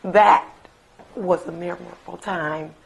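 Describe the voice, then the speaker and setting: Slow-spoken middle-aged mother reminiscing. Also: fairly low pitch, fairly even intonation, vocal fry, slight background noise, poor audio. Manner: slow, emphatic reminiscing with fond asides. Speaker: mother remembering her late son. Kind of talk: recorded interview, personal storytelling.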